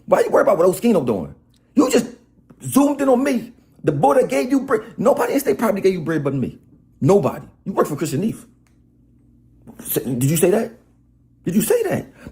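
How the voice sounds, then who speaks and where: A man delivering a mocking, rapid-fire rant of trash talk. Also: fairly high pitch, darkish tone. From Harlem, New York. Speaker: rapper in played video clip. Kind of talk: animated insult rant.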